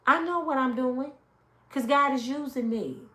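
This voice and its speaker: A woman's voice: high-pitched, measured pace, a bit bright. Woman, middle-aged, emphatic storyteller, preachy live stream, roomy echoey home room. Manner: emphatic, storytelling, talks straight to viewers. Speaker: motivational speaker. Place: home, with kids in and out.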